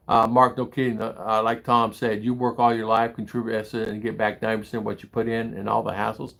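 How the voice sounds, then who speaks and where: An older man from the United States talks off the cuff in a rambling way, his voice gravelly with fry. He drifts between stories and viewer comments and turns indignant and heated when he gets going. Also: lowish voice, completely flat delivery, brisk, few pauses, fairly bright tone. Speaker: livestream host reading chat. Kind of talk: casual livestream chat. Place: home in the Philippines.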